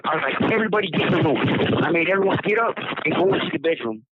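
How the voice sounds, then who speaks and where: A man's voice: a little high, animated, racing, heavy background noise. A man from Southern California telling his own story in a rambling, casual way, repeating words and acting out what people said. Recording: dry tinny phone line.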